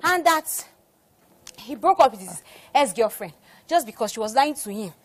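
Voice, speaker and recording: A woman's voice: a little high, animated, moderate pace. A woman with a Nigerian English accent playing a scheming, boastful young woman in a film drama. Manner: scornful, boastful.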